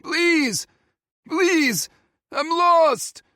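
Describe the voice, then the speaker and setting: A man's voice: extremely high pitch, lively intonation, drawn-out words, sharp tone, no room sound, clean studio sound, pitched above the performer's own voice, exaggerated voice. A man voicing an eerie lost old man who cries and pleads from far off in the woods. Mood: desperate pleading. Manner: pleading, wailing from afar.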